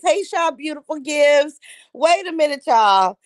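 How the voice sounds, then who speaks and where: Hosting a casual livestream from home, a woman greets her viewers one after another, chatting warmly and calling them by pet names. Her high voice is expressive and a little slow. The audio is dry and close with no room sound, as if spoken straight into a phone.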